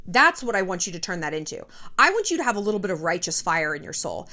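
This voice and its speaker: A woman's voice: fairly low pitch, big pitch swings, fast talker, sharp tone. A woman in her thirties hosting a casual motivational vlog, blunt and profane. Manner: blunt and profane, pep-talk tone. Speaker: YouTube host. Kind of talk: casual motivational talk to camera.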